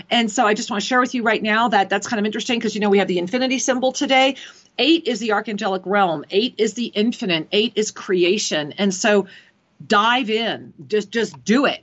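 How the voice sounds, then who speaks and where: A woman hosting a call-in show, giving soul readings in a soft, breathy, emotional way that slows down as she channels. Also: a little high. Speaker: spiritual radio host giving soul readings. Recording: dull lo-fi broadcast audio.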